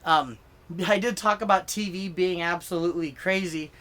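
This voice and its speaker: With a high-pitched, fairly bright voice at normal speed, a male comedian rants about politics to his own camera. He curses liberally, grows heated, and riffs for laughs in rambling, restarting speech full of fillers.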